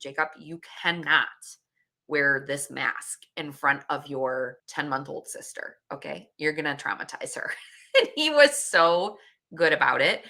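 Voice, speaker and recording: A woman's voice: sits low, pushed and bright. A woman in her late thirties, a podcast host, casually telling a candid story with laughs and swearing. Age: 30s.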